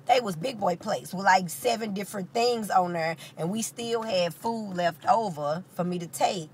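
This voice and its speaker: Brief: St. mom vlogger, animated and salty storyteller, mid-pitched voice, car noise behind. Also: female voice, normal speed. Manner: animated, profane, chatty. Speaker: mother telling a story. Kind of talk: casual storytelling vlog.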